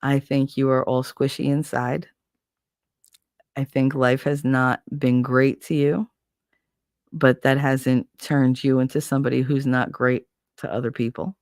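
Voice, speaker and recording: This woman hosting a casual show has a bass voice, recorded in clean studio sound without echo. Animated and profane, she tells rambling stories full of swearing and answers a viewer's comment.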